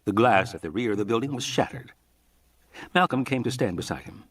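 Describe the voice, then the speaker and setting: Expressive male audiobook narrator, husky voice, lively pitch, mic a bit distant. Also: a little fast. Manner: expressive storytelling delivery. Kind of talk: scripted narration.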